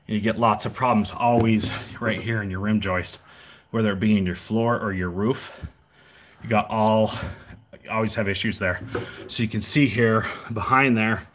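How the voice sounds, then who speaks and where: A man's voice: on the low side, steady tone, moderate pace, a bit bright, a little hiss or hum. Breathless man explaining shed insulation. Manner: chatty, rambling, jokey asides. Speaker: DIY vlogger. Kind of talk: casual how-to narration while working. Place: unfinished shed, indoors.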